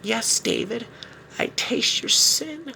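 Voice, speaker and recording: Man putting on a cackling high witch voice. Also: animated, gravelly, bright, forceful tone, a little hiss or hum, heavily acted. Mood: taunting. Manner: cackling, slow taunting. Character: gloating evil female witch, demonic devourer.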